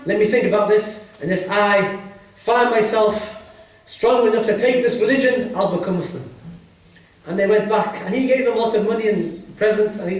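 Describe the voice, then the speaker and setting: A man teaching a religious story in a lecture, acting out the dialogue with rising and falling pitch, often coughing and clearing his throat. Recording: very echoey room from far off.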